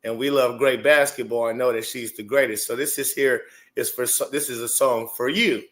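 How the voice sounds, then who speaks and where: A man hosting a casual livestream at a middle pitch. He talks in an excitable, chatty way, repeats his phrases and trips over restarts as he works through his points. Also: moderate pace. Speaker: show host.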